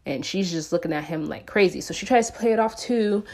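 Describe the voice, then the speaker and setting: A woman's voice: fairly low pitch, brisk, darkish tone. A woman casually retelling a movie plot, chatting with lots of fillers and acting out the characters' quotes. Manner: chatty storytelling with acted-out quotes and frequent fillers. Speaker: movie reviewer. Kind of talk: casual film recap.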